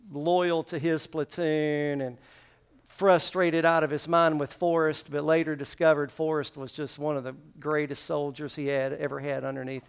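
A man preaching a sermon with a gravelly, slightly high voice. He retells a scripture story with deep feeling and breaks into a short sung refrain. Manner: emotional storytelling, sings a refrain. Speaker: pastor.

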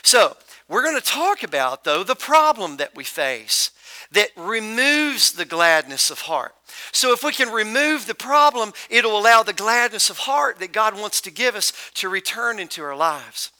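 A man's voice: high voice, sing-song, measured pace, sharp tone. A middle-aged male pastor preaching a sermon in a conversational, joking storytelling manner.

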